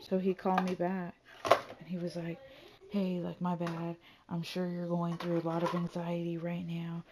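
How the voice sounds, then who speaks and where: A woman's voice: fairly low pitch, completely flat delivery, normal speed, heavy background noise. A woman streaming a game from home, telling a long gossipy story in casual chat and swearing freely, sometimes turning aside to talk to her kids. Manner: chatty gossip, swearing, talks to kids off-mic. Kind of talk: casual storytelling while gaming.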